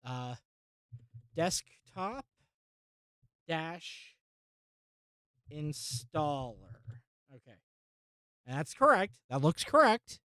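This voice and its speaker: A woman hosting a casual tech vlog, talking through a software install and muttering to herself in exasperation, with frequent swearing. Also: deep voice, no echo, studio quality. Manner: addresses viewers as folks and guys. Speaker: tech channel host.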